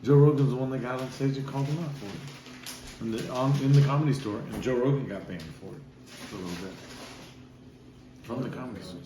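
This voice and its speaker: A man's voice: mid-range voice, quick pace, pauses often, noisy background. A young man in casual chat among friends, joking in a brash, crude way. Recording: distant mic in echoey room with chatter.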